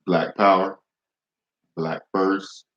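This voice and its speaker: A man's voice: deep voice, little pitch movement, extremely slow, roomy sound, lo-fi sound. A young man delivering a blunt, profane, heated monologue to camera, with frequent restarts. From United States. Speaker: vlogger.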